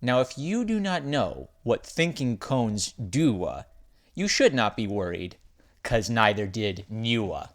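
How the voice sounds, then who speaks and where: Man reading a rhyming kids' story, sing-song, very lively pitch, slow and deliberate. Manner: sing-song, expressive delivery.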